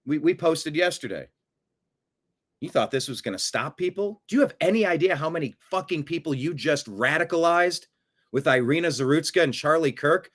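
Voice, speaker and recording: A man hosting a profane political rant, swinging from low mutters to loud outbursts. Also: animated, normal speed. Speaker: political commentary host.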